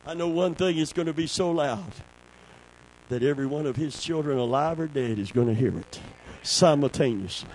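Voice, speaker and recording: A man preaching a sermon, calling for amens and swinging between a low hush and a shout. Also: moderate pace, a little hiss or hum, low-quality recording.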